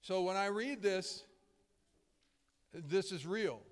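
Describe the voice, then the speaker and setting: A pastor in middle age preaches at a slow pace in a high voice, conversational yet emphatic. He tells stories and restarts often, and the recording carries a long hall reverb.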